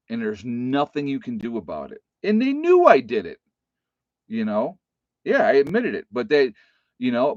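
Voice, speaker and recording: A man's voice: on the high side, no room sound. A middle-aged man with an Appalachian American accent, telling a story casually to his viewers and rambling with many fillers and restarts. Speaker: channel host. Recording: dull dry home recording.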